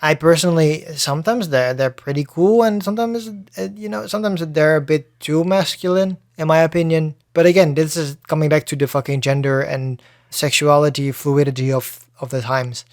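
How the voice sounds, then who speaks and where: A man's voice: on the high side, normal speed, no echo, studio quality. A man hosting a solo podcast in casual chat, talking loosely with plenty of swearing and restarts. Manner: loose and profane, frequent restarts. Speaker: podcast host.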